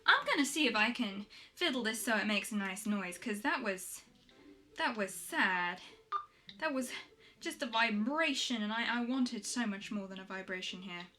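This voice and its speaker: A woman vlogging a poetry challenge, chatting in a self-deprecating way and reading her poems aloud slowly and softly. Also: mid-range voice, animated, faint music behind. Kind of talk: casual chat and poetry reading.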